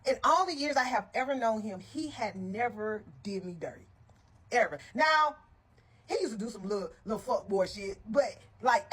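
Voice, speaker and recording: A woman with a husky, slightly breathy voice tells a personal story in casual storytime fashion. She talks bluntly and swears a lot, stressing her points and turning to her listeners with asides. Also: a little high, moderate pace. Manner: animated, blunt and heavily profane; emphatic with frequent asides to listeners.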